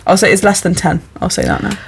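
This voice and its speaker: A woman hosting a podcast and running a casual quiz with a guest, chatty, upbeat and quick to laugh. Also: medium pitch, big pitch swings, creaky, a little hiss or hum. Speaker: podcast host.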